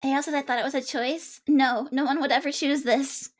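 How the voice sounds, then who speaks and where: A woman's voice: sits high, fairly even intonation, a little fast. A woman streamer chatting casually and bubbly with her viewers, a bit congested. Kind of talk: casual live-stream chat.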